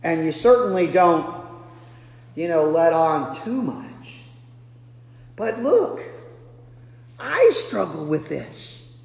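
A pastor from Nebraska preaching a sermon, telling self-deprecating stories and breaking into loud bursts. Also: male voice, fairly high pitch, big pitch swings, takes it slowly, vocal fry, pauses often. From Nebraska, USA. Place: large church hall. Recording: echoey hall with long reverb.

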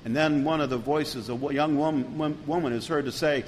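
A pastor delivering an earnest sermon, building to emphatic peaks and then dropping low. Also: male voice, steady tone, normal speed, in a large hall, a little hiss or hum. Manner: earnest preaching with rising emphasis.

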